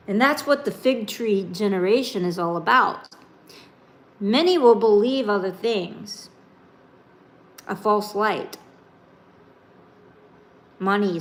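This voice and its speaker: A woman preaching a sermon, reading scripture and then explaining it in a slow, emphatic, informal way. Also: mid-range voice.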